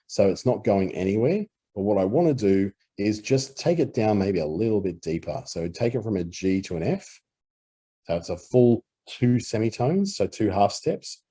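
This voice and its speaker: Male tutor with an Australian accent, relaxed walkthrough, low and husky. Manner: relaxed explanatory talk with fillers. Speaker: audio editing instructor. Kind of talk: screen-recorded software tutorial.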